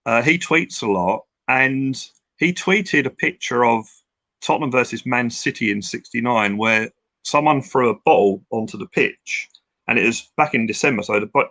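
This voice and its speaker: A man's voice: mid-range voice, normal speed, bright, forceful tone, no echo. An older man from England, a guest telling long, rambling stories with many restarts in a casual interview. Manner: rambling, reminiscing with restarts and acted-out quotes.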